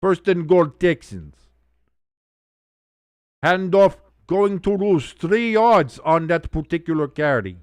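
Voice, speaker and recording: Excitable man calling football live. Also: high voice, slow, pauses often, clean tone, no room sound. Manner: excitable play-by-play with blunt, profane reactions. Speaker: live-stream watch-along host. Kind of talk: casual live sports commentary.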